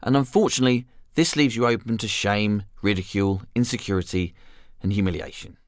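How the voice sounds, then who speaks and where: A man giving a scripted monologue in a wry, deadpan, self-deprecating way. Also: fairly low pitch, a little fast, no echo, clean studio sound.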